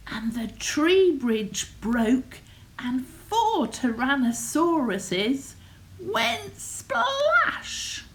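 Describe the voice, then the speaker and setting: Older woman, storyteller, picture book for small children, high voice, sing-song, slow and expressive. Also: rough recording. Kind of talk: reading a picture book aloud to young children.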